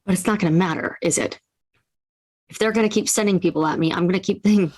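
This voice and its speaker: A woman playing her character in a live tabletop game, quick, wry and emphatic. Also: on the low side, darkish tone, no room sound. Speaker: player. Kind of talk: casual in-character play.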